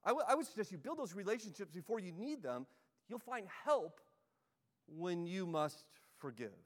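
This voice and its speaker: A man's voice: high voice, big pitch swings, moderate pace, long reverb tail. A man preaching a sermon as a pastor, conversational and repetitive, often checking in with "right?". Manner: conversational, frequent "right?" check-ins, repeats words. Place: church sanctuary.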